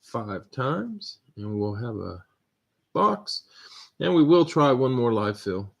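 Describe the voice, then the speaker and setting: A man hosting a live stream, steadily reading out viewer names and teams with relaxed asides. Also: mid-range voice, takes it slowly, vocal fry. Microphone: computer mic on a live stream.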